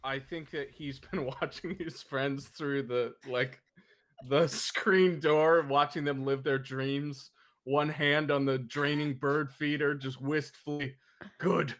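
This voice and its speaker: Guy playing a tabletop game, bright sharp voice, kinda high, chuckling. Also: steady tone, takes it slowly. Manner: playful, chuckling in-character narration. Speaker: player.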